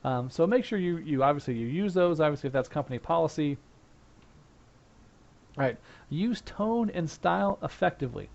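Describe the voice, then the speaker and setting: A man's voice: fairly high pitch, expressive, moderate pace, gravelly, long pauses, a little mellow. A man teaching a help desk class in a casual, conversational way, acting out sample phone lines. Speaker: instructor. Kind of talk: casual lecture. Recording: dull lo-fi recording.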